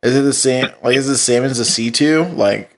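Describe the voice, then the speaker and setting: A man in casual chat, using lots of slang and casual swearing and reacting quickly to his friend. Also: mid-range voice.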